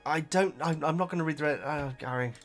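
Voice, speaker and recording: Hesitant British man, fairly high voice. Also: fast, soft background music. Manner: hesitant, stumbling restarts and fillers. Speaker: YouTuber reading viewer comments. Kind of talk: casual chat.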